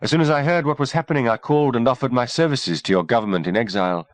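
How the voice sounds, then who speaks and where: A man's voice: medium pitch, rapid-fire, no room sound, pitched above the performer's own voice, close to an everyday voice. A man voicing a composed woman doctor with a semi-posh English voice, cool and slightly mocking, in an audiobook reading. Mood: cool, poised.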